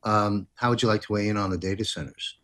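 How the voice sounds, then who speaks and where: A man hosting a panel discussion who speaks politely and haltingly, with many pauses and fillers. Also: fairly low pitch, fairly even intonation, fairly bright tone. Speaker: host.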